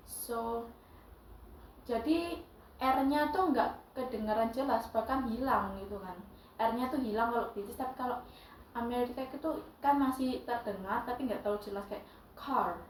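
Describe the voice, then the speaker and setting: A young woman with an Indonesian accent teaching English, switching back and forth between English and Indonesian in halting phrases. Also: a little high, a little mellow, recorded from a distance, slight background noise. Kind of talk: bilingual lesson. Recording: echoey room, voice from off-mic.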